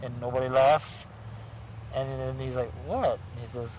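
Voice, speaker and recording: This horror-show host speaks at normal speed in a mid-range, darkish voice with fairly even intonation, joking casually at a cemetery late at night and chuckling at his own punchlines. The recording is rough, carrying slight background noise.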